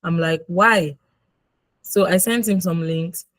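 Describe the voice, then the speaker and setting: A woman from Nigeria with a Nigerian English accent, giving casual mentoring advice in quick, animated speech and acting out quoted exchanges. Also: fairly low pitch, dry recording, poor audio. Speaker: guest mentor.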